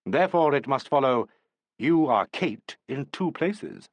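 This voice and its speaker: A man's voice: medium pitch, expressive, unhurried, no room sound. Autocratic male actor-manager, curt and commanding, read by a man, dry close sound. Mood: brusque. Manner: brusque, commanding.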